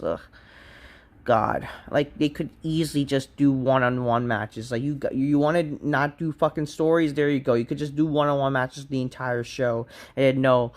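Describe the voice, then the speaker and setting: Annoyed guy ranting about wrestling, swears a lot, rambles. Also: medium pitch. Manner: frustrated, profane, rambling. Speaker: wrestling show reviewer. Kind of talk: casual ranting review.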